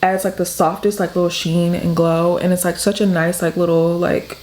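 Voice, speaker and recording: A woman's voice: lowish voice, little pitch movement, normal speed, a little mellow. A young woman from the Detroit area, chatting through a makeup tutorial while telling a story with lots of "like". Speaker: beauty vlogger. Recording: echoey room.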